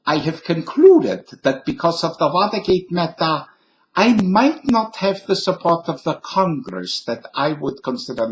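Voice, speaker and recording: A man's voice: a little high, a little hiss or hum, lightly acted. A man putting on a thick, exaggerated German accent to play a pompous old general reading a speech. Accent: put-on exaggerated German.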